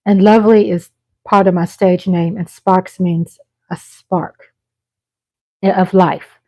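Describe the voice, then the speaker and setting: A middle-aged woman hosts a live stream, chatting casually and rambling with frequent pauses and restarts. Her voice is on the low side with a steady tone, and the audio sounds dull.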